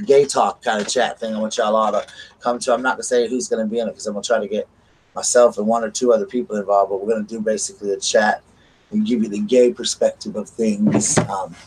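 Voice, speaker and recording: A man's voice: on the low side, little pitch movement, fast talker, a little mellow, husky, low-quality recording. A man with a Southern US accent hosts a casual live stream from home, chatting and gushing as he greets viewers by name. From South Carolina, US.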